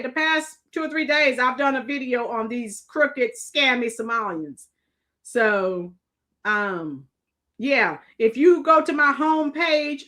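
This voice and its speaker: A woman's voice: high voice, sharp tone. A middle-aged woman from Florida hosts a live stream in casual chat, rambling and answering viewers' comments by name.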